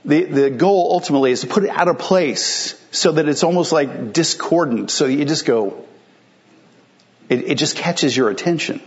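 A man's voice: on the high side, moderate pace, highs cut off. A male pastor preaching a sermon in a conversational, explanatory way, asking rhetorical questions and answering them.

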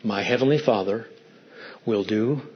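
A man's voice: lowish voice, measured pace, lo-fi sound. A man preaching a sermon as pastor, emphatic and fond of stacked rhetorical questions.

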